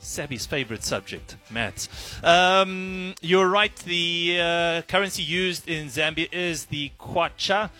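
A South African man co-hosting morning radio, animated and joking as he reads quiz answers and sports headlines. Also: on the high side, takes it slowly, few pauses, soft background music. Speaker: radio co-host and sports reader. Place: radio studio.

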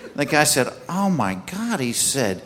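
A man telling a joke in a slow, drawn-out way. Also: mid-range voice, big pitch swings, in a large hall, heavy background noise.

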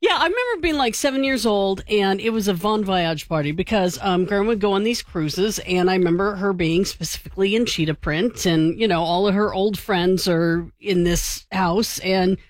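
A woman's voice: medium pitch, normal speed, few pauses, no echo, studio quality. A woman co-hosting a morning radio show, telling a story in casual, giggly banter. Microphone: studio mic.

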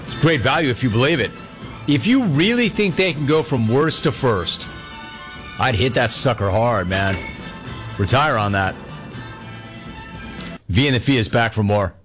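A man hosting a sports talk show, telling a story in a casual, animated way and acting out the voices of other people. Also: mid-range voice, faint music behind. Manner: fast talking, acts out other people's voices in quotes. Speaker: sports talk radio host.

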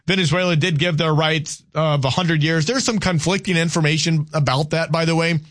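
A Southern American man hosts a call-in radio show in a slightly high voice. He stumbles and repeats words as he thinks aloud, then turns firm and argumentative when pushing back on a caller. The sound is dry and close, with no room around it. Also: steady tone, brisk, a bit bright, no echo. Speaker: radio talk show host.

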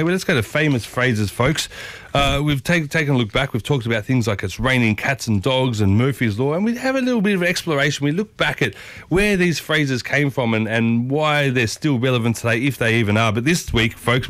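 A man's voice: mid-range voice, fairly bright tone, no room sound. Chatty radio breakfast host, man. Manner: chatty, repeats "I'll tell you what", addresses listeners as folks. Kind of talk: casual radio monologue. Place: radio studio. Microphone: studio microphone.

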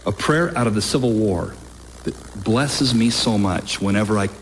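A man preaching a sermon with emphatic, deliberate delivery, lifting his voice on key phrases. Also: fairly low pitch, a little hiss or hum. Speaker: pastor.

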